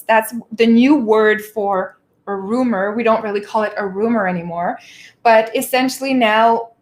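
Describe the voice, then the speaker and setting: Casual female streamer with a higher voice, animated and loose, talks history off the cuff. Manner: chatty and animated, laughs often, slangy asides. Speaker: livestream host. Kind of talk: casual political commentary on a book.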